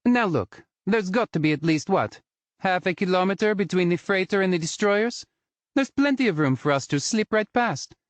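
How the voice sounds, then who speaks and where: A man's voice: high-pitched, animated, normal speed, no echo, pitched above the performer's own voice. A man voicing a sassy, defiant young woman pilot who mocks and taunts. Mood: mocking. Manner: mocking, cocky.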